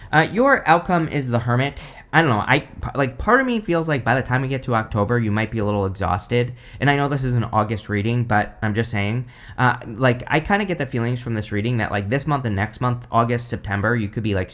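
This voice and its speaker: A young man giving a casual tarot reading to camera, rambling and thinking aloud with many fillers, clearly excited. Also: medium pitch. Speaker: tarot reader.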